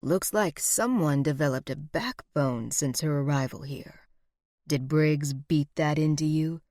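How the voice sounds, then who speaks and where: Lady doing a smooth creepy villain guy, low and soft, dry close sound. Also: measured pace, no room sound. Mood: menacing. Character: manipulative smooth-talking villainous man.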